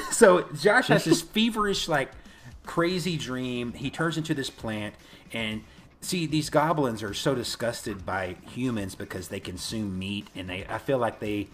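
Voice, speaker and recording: A man's voice: mid-range voice, unhurried. A man co-hosting a casual podcast, recapping a movie with profanity and frequent laughter. He is a bit tipsy from a couple of beers. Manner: profane, laughing, animated storytelling. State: slightly tipsy from beer. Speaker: podcast co-host.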